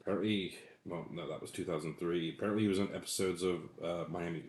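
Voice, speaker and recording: A man in his late forties talks through old films in a loose, rambling way, swearing freely. His voice sits very low, and the room around him echoes. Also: steady tone, quick pace, a little mellow. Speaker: co-host. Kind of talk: casual movie chat.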